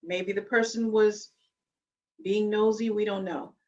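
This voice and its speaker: A woman's voice: medium pitch, steady tone, measured pace, darkish tone, lo-fi sound. A woman hosting a podcast, explaining in an instructive tone and repeating key words for emphasis. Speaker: podcast host.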